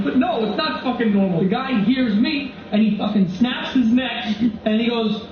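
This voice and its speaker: A young man and comedian vlogger telling crude, animated stories full of swearing. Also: very high voice, normal speed, crowd noise. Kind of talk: comedic storytelling. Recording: very echoey dull recording with noise.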